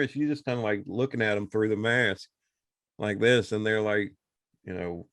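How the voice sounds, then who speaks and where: At normal speed and medium pitch, a man retells a movie in casual podcast chat, rambling on as he animatedly performs the characters' quotes. He's a co-host, and there's no room sound.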